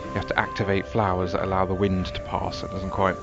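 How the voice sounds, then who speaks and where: A man giving relaxed, wry, rambling commentary while playing a video game. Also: low-pitched, fast, vocal fry. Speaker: gameplay commentator. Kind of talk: casual gameplay commentary. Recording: dull lo-fi sound with game music behind. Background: game music.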